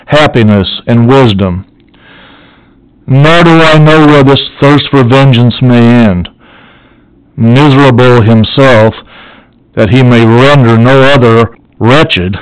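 A dying male scientist speaks from his sickbed, grave and vengeful, voiced by a man reading an audiobook. The delivery is solemn and measured. The pitch sits in an ordinary middle range for a man. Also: smooth, no echo, natural voice, poor audio.

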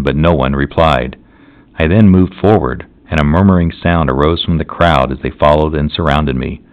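A man narrating a classic novel as an audiobook, in a measured, solemn reading. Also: a bass voice. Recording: dull lo-fi recording.

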